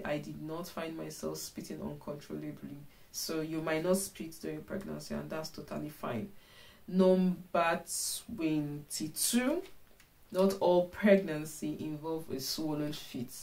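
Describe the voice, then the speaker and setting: A woman's voice: deep voice, darkish tone. A young adult woman giving chatty, encouraging pregnancy advice in a casual vlog. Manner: chatty, encouraging, repeats "you know". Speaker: vlogger.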